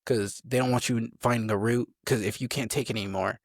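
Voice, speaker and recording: A man's voice: mid-range voice, fairly even intonation, brisk, no echo, clean studio sound. A young man, a soldier, telling army stories in a rambling, casual way as an interview guest. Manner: rambling, gets sidetracked, acts out drill sergeants.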